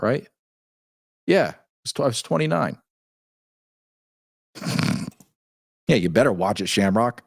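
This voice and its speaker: A man's voice: medium pitch, dry recording, studio quality. A man in his forties hosting a casual live stream, laughing often as he reads viewer comments aloud. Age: 40s. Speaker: show host.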